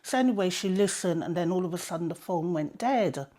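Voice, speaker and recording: A woman with a fairly low voice tells what happened in an interview. She speaks plainly, in a simple storytelling way, often quoting her own words. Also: expressive, brisk, mellow. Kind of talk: personal testimony interview.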